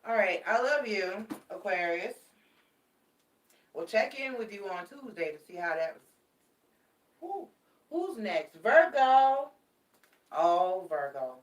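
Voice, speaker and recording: A woman's voice: mid-range voice, big pitch swings, takes it slowly, pauses often, recorded from a distance. A woman giving a casual tarot reading, chatty and affectionate, repeating her warnings for emphasis and calling her viewers babies. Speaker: tarot card reader. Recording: echoey room, mic set back.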